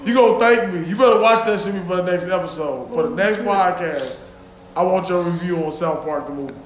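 A man hosting a casual podcast chat, telling stories loudly with lots of laughing and swearing. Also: sits high, brisk, a little hiss or hum. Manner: loud, laughing, profane storytelling. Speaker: podcast host. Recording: echoey room with faint ambience.

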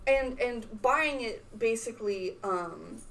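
A woman in her thirties chatting casually as a podcast co-host, an animated storyteller who laughs often and acts out voices. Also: on the high side, takes it slowly, noisy background. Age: 30s. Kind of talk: casual chat.

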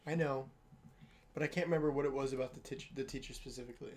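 A man's voice: mid-range voice, fairly even intonation, quick pace. A young man co-hosting a podcast, rambling and crude in casual chat with friends. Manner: rambling, crude, bursts into shouting. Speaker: podcast co-host.

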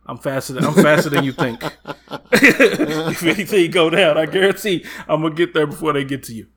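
A man co-hosting a casual chat, telling stories with lively acted-out quotes and laughter. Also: on the high side, normal speed, slightly rough. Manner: animated, acts out quotes with loud jumps and laughs. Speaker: podcast co-host.

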